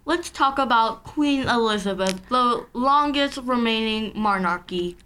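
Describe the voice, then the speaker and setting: Hesitant, fairly high-voiced woman chatting. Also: measured pace, bright, forceful tone, slight background noise. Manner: hesitant, tentative, unsure of her terms. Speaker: co-host. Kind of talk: casual chat.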